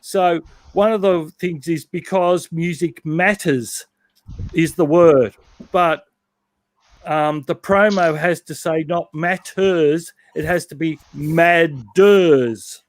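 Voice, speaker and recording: Chatty Australian man, higher voice. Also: slow, no room sound. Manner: chatty, rambling with many ums. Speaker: guest on model railroad livestream. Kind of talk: casual chat.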